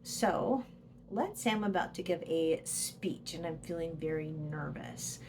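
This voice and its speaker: A woman's voice: deep voice, unhurried, darkish tone, a little hiss or hum. A woman presenter giving a casual educational talk to camera, explaining with examples and dropping to a whisper for the inner voice. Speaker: psychologist and presenter.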